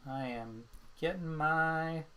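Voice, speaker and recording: A man's voice: on the high side, slow pace, sharp tone. A man streaming a puzzle game from home, chatting casually and out of breath from exercising between puzzles. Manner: counts exercise reps aloud between chatty asides. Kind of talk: casual chat while playing a puzzle game.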